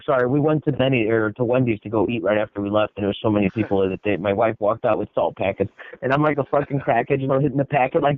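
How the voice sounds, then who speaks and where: Talking fast in a mid-range voice, this male podcast host keeps things casual, cursing frequently and raising his voice to perform quotes. There's no echo; the sound is dry and thin, phone-like.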